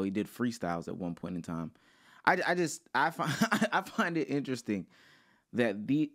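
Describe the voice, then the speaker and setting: A man with a lowish voice whose pitch rises and dips freely. He speaks in a laid-back, drawling way during casual chat and laughs along often.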